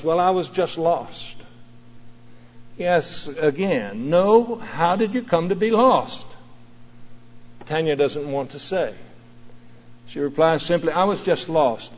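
A man preaching a sermon, telling stories slowly and emphatically, stretching out key phrases. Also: a little high, a little mellow. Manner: slow and emphatic, drawn-out phrases. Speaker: pastor. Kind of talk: sermon with storytelling. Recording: dull sound, long hall reverb.

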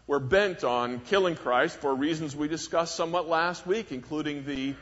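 A man with a husky, slightly high voice preaches a measured, emphatic sermon. His words ring out with a long hall reverb on a dull, lo-fi recording. He swings between soft, low phrases and sharp, raised ones. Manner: measured, emphatic, with wide swings in pitch and volume.

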